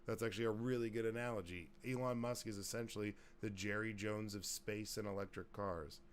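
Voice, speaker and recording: A man hosting a podcast in loose, casual chat, with a fairly low voice. He rambles from point to point, cracks jokes and swears freely. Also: fairly even intonation, fairly quick, a little hiss or hum. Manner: profane, rambling, jokey. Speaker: podcast host.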